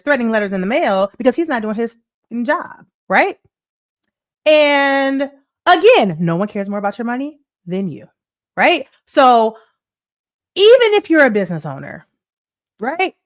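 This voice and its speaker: With a slightly high, sing-song voice and no hurry at all, this U.S. host of a money show chats through a story on her livestream. She repeats herself, keeps asking "right?", and reads comments from viewers aloud.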